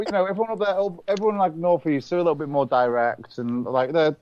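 A man's voice: a little high, quick pace, heavy background noise. A man from northwest England with a Manchester accent, chatting casually as host, laughing often and restarting his sentences. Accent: Mancunian English. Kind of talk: casual chat.

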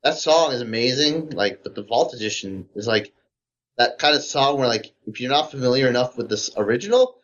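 A man's voice: medium pitch, lively intonation, brisk, a bit bright. Brief: man, rambling gamer chat, lots of "like", muffled lo-fi recording. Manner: rambling, heavy use of "like", enthusiastic fan tone. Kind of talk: casual podcast chat. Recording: dull lo-fi audio.

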